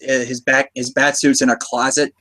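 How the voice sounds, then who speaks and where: A man's voice: medium pitch, flat delivery, normal speed, pushed and bright. An American man hosting a casual movie discussion podcast, talking in a chatty, enthusiastic way with frequent restarts. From United States. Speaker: podcast host.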